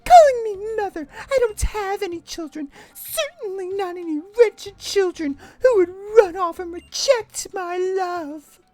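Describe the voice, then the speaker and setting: A woman's voice: very high voice, expressive, unhurried, warm tone, dry recording, voice pushed up. A woman voicing a haughty, cruel villainous mother, read with dramatic, cold theatricality. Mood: cold disdain. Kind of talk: voicing game text aloud.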